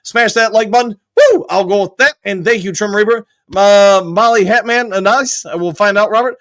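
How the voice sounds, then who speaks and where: High-voiced man reading live chat. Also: steady tone. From Michigan. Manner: upbeat, reads comments aloud with quick shout-outs and whoops. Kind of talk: casual live-stream chat.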